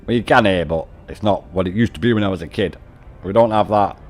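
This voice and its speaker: Deep-voiced British man chatting, swearing. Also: quick pace, darkish tone, faint music behind. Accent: British English. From United Kingdom. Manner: chatty, swearing, laughs often. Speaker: game streamer. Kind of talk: casual live-stream chat.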